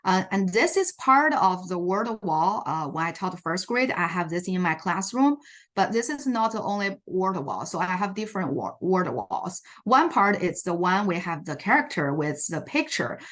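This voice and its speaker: A woman who teaches in an immersion classroom, giving a teacher training talk in a halting way with frequent ums and uhs. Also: lowish voice, sing-song, fairly bright tone.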